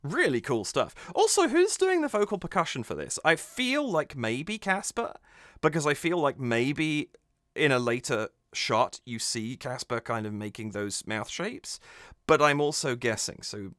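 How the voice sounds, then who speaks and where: A man's voice: mid-range voice, big pitch swings, a little slow, a bit bright, no echo, studio quality. A man hosting a music reaction channel, analysing a cover with enthusiasm and thinking aloud as he goes.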